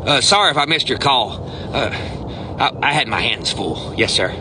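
A man's voice: medium pitch, animated, normal speed. Eager stammering man on a phone call. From United States. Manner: earnest, eager and polite, stammering restarts. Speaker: comedian. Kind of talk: comic one-sided phone call. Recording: background noise.

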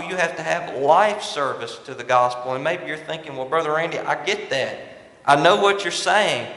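A pastor preaches with a bright, forceful voice, pitched a little high for a man. He hammers his points through repetition, and his words ring out through a large, reverberant church sanctuary. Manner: emphatic preacher, repeats and stresses key phrases. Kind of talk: sermon. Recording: echoey church hall with long reverb.

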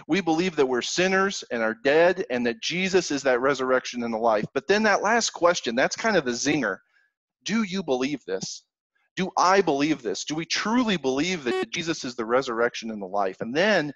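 A man's voice: medium pitch, a bit bright, dry recording, dull audio. A man preaching a sermon, reading scripture aloud and explaining it in an earnest, conversational way. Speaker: pastor.

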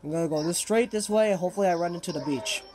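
A man's voice: high voice, rapid-fire, background noise. A young man giving casual gaming commentary, jittery and breaking into panicked outbursts. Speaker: game player.

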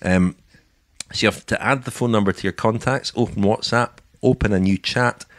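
A man's voice: on the low side, moderate pace, no echo. Dry-humored male podcast co-host. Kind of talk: casual podcast chat.

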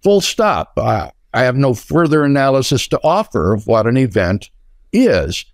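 A man with a lively, varied pitch answers an argument in an academic debate. His delivery is measured and deliberate, with a dry sound. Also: no echo. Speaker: philosopher in a debate.

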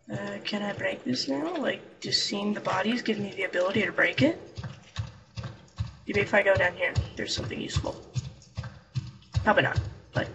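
A man's voice: high-pitched, gravelly, far from the mic, rough recording. A young man giving casual, rambling game commentary, joking and talking to the characters on screen. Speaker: let's play gamer.

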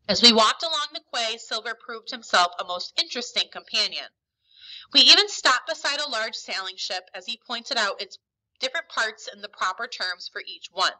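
A woman teacher reading a novel aloud to a class in an expressive, emphatic storytelling manner. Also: on the high side, normal speed, poor audio.

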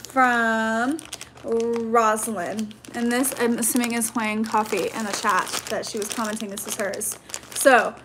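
A woman's voice: fairly high pitch, fairly bright tone, slight background noise. A young woman YouTuber chatting casually as she unboxes fan mail, gasping and gushing with "oh my gosh" and "so cute". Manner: gushing, gasping and squealing over gifts; says "so cute" and "oh my gosh" over and over.

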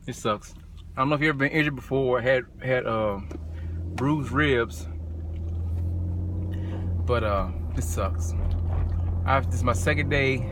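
A fitness trainer man talks through a casual vlog with shallow, careful breaths. He stumbles and repeats himself as he goes. He records outdoors, and clear street and car noise runs behind his voice. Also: mid-range voice. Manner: halting, repeats words and restarts often. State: short of breath from bruised ribs.

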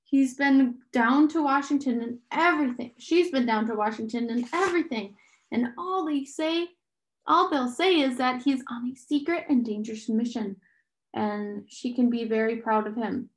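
A woman's voice: normal speed, lightly acted. A woman voicing an anxious, tearful teenage girl, strained and pleading in a raised voice. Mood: distressed. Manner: strained and pleading, lifting high.

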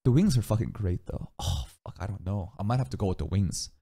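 Male reaction streamer, raspy-free, rambling with crude jokes and lively pitch. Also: a little fast. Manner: rambling, laughing, frequent swearing. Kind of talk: casual reaction commentary.

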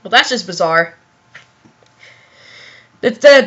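A young woman reads a fan story aloud for comedy, breaking off to giggle and exclaim. Her voice is high and bright. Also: expressive, slow, long pauses. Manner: giggly, exclaiming, self-interrupting. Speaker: reader of fan fiction. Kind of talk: comic dramatic reading.

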